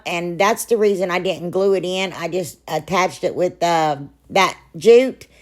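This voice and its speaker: A woman, hoarse and froggy from a sore throat, narrating a crafting video in a rambling, chatty way with lots of asides. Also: on the low side. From Ohio, US. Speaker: crafting channel host. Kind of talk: casual DIY voice-over narration.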